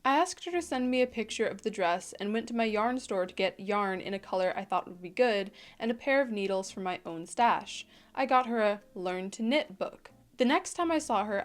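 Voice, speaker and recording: A woman in her twenties hosting a casual reaction video, reading an online post aloud and reacting with animated, slangy emphasis. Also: medium pitch. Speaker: YouTube host.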